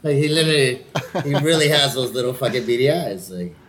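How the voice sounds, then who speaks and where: A man's voice: medium pitch, expressive, crowd noise. A man hosting a casual chat who jokes, swears freely and laughs often. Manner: swearing, joking, quick to laugh.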